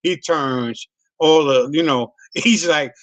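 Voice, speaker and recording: A middle-aged comedian spins a loose, profanity-heavy story on a video call, looping back and laughing along the way. His voice is a touch high for a man and his pace is slow. The sound is dry and close-miked, with no room sound at all.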